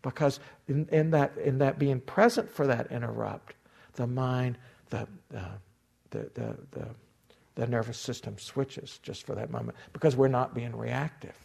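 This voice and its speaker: A man giving a dharma talk as a meditation teacher, unhurried and reflective, acting out inner voices with gentle humor. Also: medium pitch, gravelly, slightly rough.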